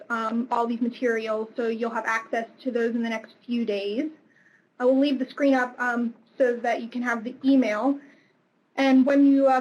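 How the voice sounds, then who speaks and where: A woman moderating a webinar, giving polite closing announcements with frequent ums over a computer mic. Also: on the high side. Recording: dull lo-fi webinar audio.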